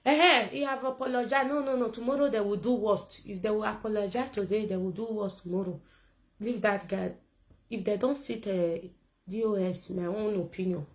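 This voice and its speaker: A woman's voice: medium pitch, fairly even intonation, normal speed, rough recording. A woman with a Nigerian accent giving a casual political rant to camera, blunt and emphatic and repeating her points. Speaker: political commentator.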